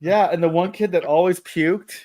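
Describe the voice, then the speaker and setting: A man with a slightly higher than usual pitch who reads a story with dramatic flair and keeps slipping in jokey asides. He talks in a relaxed, bantering way with his co-host. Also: moderate pace. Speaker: podcast co-host. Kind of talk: casual chat and dramatic reading.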